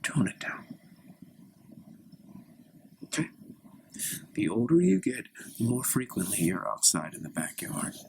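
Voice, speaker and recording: A man voicing a stern, moralizing middle-aged father who lectures in a hushed, often whispery voice, in a solo improvised comedy scene. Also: fairly low pitch, big pitch swings, unhurried, creaky, pauses often, noisy background, heavily acted.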